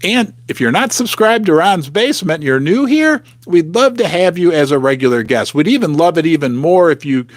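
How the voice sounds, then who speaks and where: A man hosting a casual livestream, chatting with viewers and reading their comments aloud, with animated outbursts. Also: fairly high pitch, moderate pace, few pauses, no room sound, studio quality. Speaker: livestream host.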